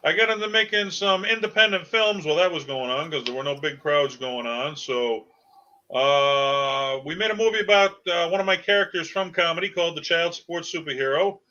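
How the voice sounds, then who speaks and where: A man's voice: a little high, a little fast, sharp tone. A middle-aged man with a Boston accent, a comedian chatting as a guest on a video call, promoting his work with lots of "uh" fillers. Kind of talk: casual interview talk. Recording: dull lo-fi sound.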